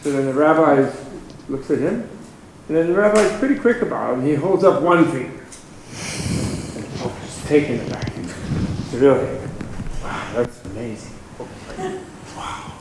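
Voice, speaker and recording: An older man telling a long joke to an audience in an animated storytelling way. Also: fairly high pitch, gravelly. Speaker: speaker at a public dialogue. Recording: very echoey hall, faint noise.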